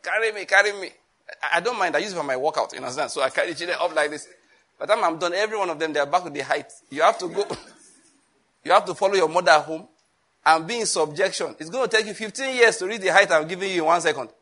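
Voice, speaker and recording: A man with a Nigerian accent preaching a sermon, animated, acting out voices and laughing often. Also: fairly high pitch. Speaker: pastor.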